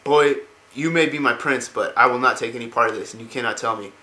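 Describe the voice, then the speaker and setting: A man voicing an older paladin mentor who scolds in a stern, loud voice. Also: medium pitch, quick pace, roomy sound, lightly acted. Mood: scolding.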